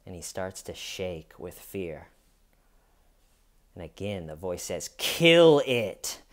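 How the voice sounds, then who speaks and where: Slow, dramatic male true crime storyteller. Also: sits low, steady tone. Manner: deliberate, dramatic storytelling with long pauses. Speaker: podcast host.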